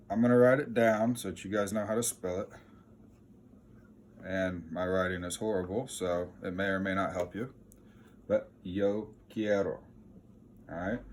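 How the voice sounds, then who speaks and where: A man giving a casual, chatty lesson as a teacher, self-deprecating and relaxed, with a lively lift when he quotes the phrases he teaches. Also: lowish voice, slight background noise.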